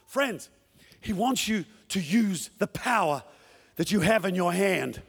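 Preaching fervently to a congregation in a church hall, a pastor acts out each quoted line. His high voice is animated, slow, creaky, husky, and a bit bright, trailed by a long reverb.

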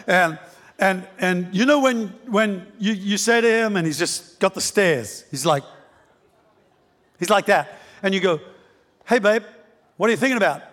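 High-voiced preacher in a ringing hall. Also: male voice. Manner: animated, repeating phrases, rising to shouts. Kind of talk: sermon.

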